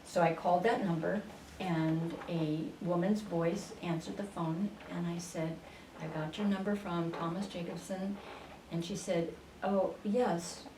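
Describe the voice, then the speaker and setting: A woman being interviewed on a radio show, telling her story at an unhurried pace with many fillers and restarts. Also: on the low side, steady tone. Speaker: interview guest, spiritual channeler. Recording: roomy, distant radio studio sound with faint noise.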